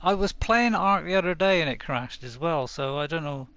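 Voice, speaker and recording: A man's voice: a little high, expressive, normal speed, sharp tone, smooth. A man live-streaming a game from home, chatting casually and rambling with little chuckles, close to his desk mic. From United Kingdom. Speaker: gaming streamer. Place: home room.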